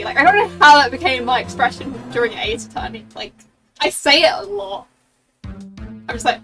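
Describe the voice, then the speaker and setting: Chatty high-voiced woman streamer. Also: animated, brisk, fairly bright tone. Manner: chatty, rambling. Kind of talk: game stream commentary. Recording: distant mic with game music.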